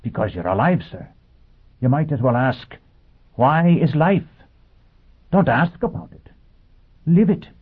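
A man's voice: mid-range voice, very animated, unhurried, long pauses, husky, voice pushed up. A man voicing a cheerful, polite male bartender robot that lectures serenely. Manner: politely beaming, preachy. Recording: tinny phone-like audio.

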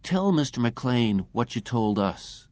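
A man's voice: medium pitch, sing-song, slow pace, no room sound. A man voicing a male lab technician who speaks sharply and insistently. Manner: sharp, demanding.

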